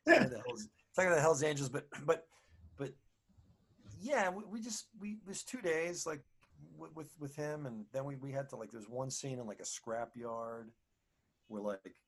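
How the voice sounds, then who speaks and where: Husky guy rambling through a story in an interview, lots of you know and restarts. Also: a little high, normal speed. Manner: rambling, animated, with many restarts and fillers. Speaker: actor and singer, guest.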